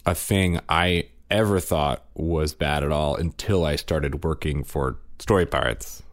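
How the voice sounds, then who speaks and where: A man co-hosting a parenting podcast, telling family stories in casual chat and sometimes mimicking his kids in a high voice. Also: a little slow. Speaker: podcast co-host, father. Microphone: studio microphone.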